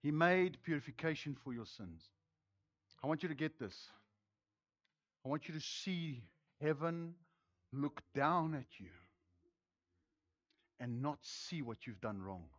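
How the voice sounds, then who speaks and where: Fiery high-voiced New Zealand pastor. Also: male voice, animated, slow, long pauses, dull audio. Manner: fiery, swings from shouting to quiet tenderness. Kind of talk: sermon.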